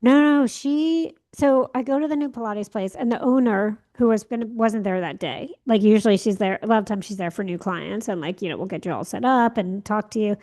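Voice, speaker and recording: A woman's voice: mid-range voice, brisk, few pauses, darkish tone. A young woman co-hosting a podcast, telling a story in casual chat and acting out the lines she quotes. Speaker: podcast co-host.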